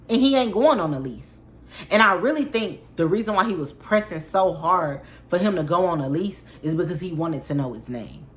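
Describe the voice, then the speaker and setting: A woman's voice: lowish voice, normal speed. A young woman vlogging, telling a personal story in a casual, indignant, run-on way. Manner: animated, indignant, talks in run-on bursts with fillers.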